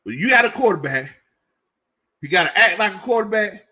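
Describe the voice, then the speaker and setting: A man hosts a loose sports talk stream, his voice pitched high and swinging widely up and down. He jokes as he goes and hammers his points home by repeating them, in a bright, forceful tone. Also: fairly quick. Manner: animated, joking, repeats himself for emphasis. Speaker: sports show host. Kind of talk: casual sports commentary livestream reading chat.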